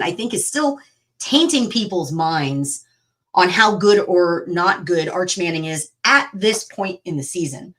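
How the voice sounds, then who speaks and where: A woman's voice: fairly low pitch, fairly bright tone. A woman co-hosting a casual sports podcast, talking emphatically with sarcastic asides. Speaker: podcast co-host.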